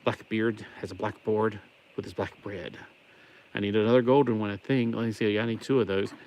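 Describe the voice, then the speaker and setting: A man with a mild Southern American accent rambles through a casual livestream while building a toy set, cracking wordplay jokes. His voice sits a little low. A faint hiss runs under the recording. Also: steady tone, brisk, a little mellow. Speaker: livestream host. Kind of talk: casual live building chat.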